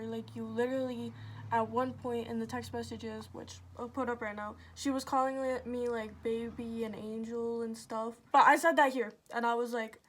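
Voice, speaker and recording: A woman's voice: fairly high pitch, fairly even intonation, moderate pace, a bit bright. A young woman ranting to camera in a casual get-ready-with-me vlog, exasperated and sarcastic, full of "like" and "literally". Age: young adult. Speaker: vlogger. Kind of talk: casual chat.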